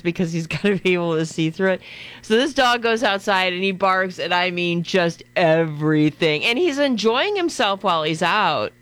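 A woman's voice: lowish voice, fairly bright tone, smooth, no echo. A woman radio host chatting casually on air, telling a story with a chatty, laughing manner into a studio microphone.

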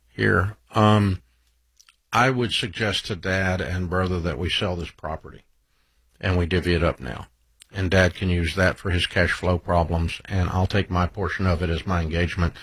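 Deep, husky-voiced man giving blunt advice. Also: a bit bright, no room sound. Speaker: advice show host. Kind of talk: casual advice talk.

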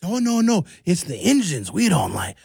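A man voicing a gruff small-town male bartender with a heavy Wisconsin accent and a folksy, drawling way of talking. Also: sits high, wildly swooping pitch, normal speed, a little mellow, no room sound, studio quality, voice pushed up, heavily acted. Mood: confiding.

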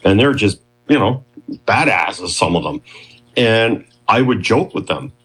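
Man, 50s, interview guest, low voice, husky, rambling storyteller. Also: lively intonation, a little slow, a bit bright, poor audio.

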